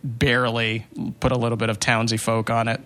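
A man's voice: medium pitch, completely flat delivery, a little fast, fairly bright tone, smooth. A man co-hosting a podcast, talking casually with frequent laughter. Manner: rambling, laughs often. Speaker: podcast co-host. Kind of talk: casual chat.

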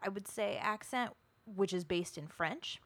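A woman's voice: mid-range voice, unhurried, fairly bright tone. A woman co-hosting a podcast in casual chat, talking emphatically and swearing now and then. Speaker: podcast co-host.

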